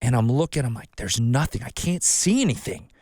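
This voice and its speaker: A man hosts a casual podcast and tells long stories, swearing freely and acting out what he said at the time. His voice sits in a middle pitch. It is recorded close and dry, with no room sound. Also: animated, fairly quick, darkish tone, no room sound. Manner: swearing storyteller, acts out his own quotes. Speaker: podcast host.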